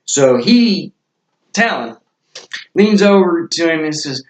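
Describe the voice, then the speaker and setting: A man's voice: fairly high pitch, lively intonation, slow, roomy sound, rough recording. A man telling stories in a casual, rambling way with many fillers. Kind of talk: casual storytelling.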